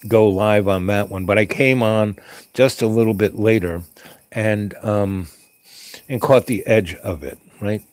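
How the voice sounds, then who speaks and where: A man in a Santa-style role rambling through a casual story, full of ums and restarts, jumping into squeaky voices for the people he quotes. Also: a little mellow, dry recording. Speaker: vlogger playing a Santa character.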